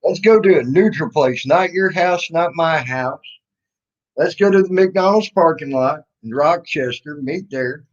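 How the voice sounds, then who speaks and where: A man's voice: fairly high pitch, a little slow. Sarcastic man on a lo-fi stream. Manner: mocking, sarcastic, rambling with restarts. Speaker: livestream host. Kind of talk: casual livestream talk. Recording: dull lo-fi stream audio.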